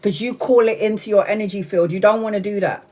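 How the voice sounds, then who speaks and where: A woman's voice: mid-range voice, fast, warm tone, a little hiss or hum. A woman in her forties giving a casual live-streamed tarot reading, talking bluntly and emphatically and swearing freely. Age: 40s. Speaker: tarot reader.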